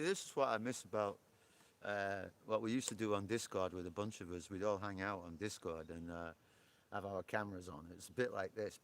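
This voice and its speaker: Male live stream host, chatty and jokey, laughs a lot, slightly low and rough-edged. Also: slight background noise. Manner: chatty, joking, laughs often. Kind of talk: casual chat with viewers. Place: outdoor porch.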